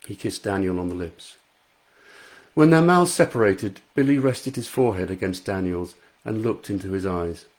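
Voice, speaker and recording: A man's voice: low voice, animated, normal speed, a little mellow. A male author reading his own novel aloud in a live stream from his front room, chatting and laughing easily between passages.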